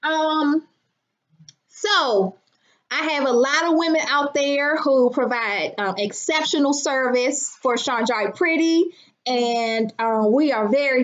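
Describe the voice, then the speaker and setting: A woman's voice: fairly high pitch, highs cut off. A woman hosting a casual live stream, brash and profane, greeting her viewers by name. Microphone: phone.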